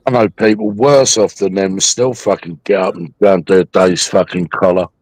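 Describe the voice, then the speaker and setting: A man's voice: deep voice, fairly even intonation, moderate pace, darkish tone, dry recording. A man hosting a livestream, taunting a viewer in a mocking, aggressive rant full of swearing. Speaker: livestream host.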